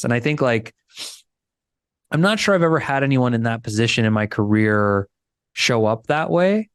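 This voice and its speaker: A man appears as a podcast guest in a casual storytelling interview, telling his tale with animation and acting out the quotes. His voice is medium-pitched and clear with a resonant tone, at a moderate pace. The recording is dry and studio quality.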